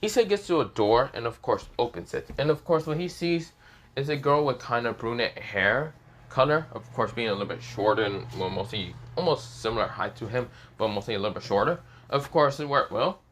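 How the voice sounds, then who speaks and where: A man's voice: mid-range voice, lively intonation, a little fast, a bit bright, a little hiss or hum. Rambling man narrating a fan story. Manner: rambling, hesitant, many fillers.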